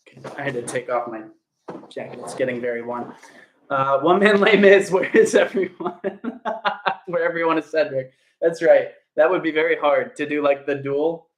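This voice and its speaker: A man's voice: on the high side, normal speed. A young man, an actor, chatting casually on a livestream and greeting viewers by name in an upbeat way. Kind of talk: casual livestream chat answering viewer comments. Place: indoor home room. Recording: echoey room sound.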